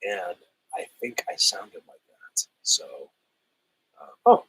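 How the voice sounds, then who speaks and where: A man hosting a casual livestream, reading chat and answering viewers, his voice still rough as he recovers from a cold. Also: lowish voice, wildly swooping pitch, slow, pushed and bright, no echo, low-quality recording. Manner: laid-back, chatty, laughs often, says "hell yeah".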